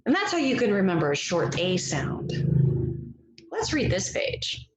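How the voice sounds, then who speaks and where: A woman reading a picture book aloud as a phonics lesson, gentle and encouraging, stretching out the vowel sounds. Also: medium pitch, wildly swooping pitch, measured pace, reverberant, background noise. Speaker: reading teacher.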